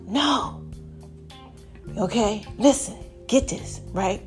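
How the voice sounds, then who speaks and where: A woman's voice: a little high, expressive, takes it slowly, long pauses, faint music behind. A woman, telling a Bible story in a casual sermon style and often asking "right?". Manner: chatty, keeps asking "right?". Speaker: podcast host.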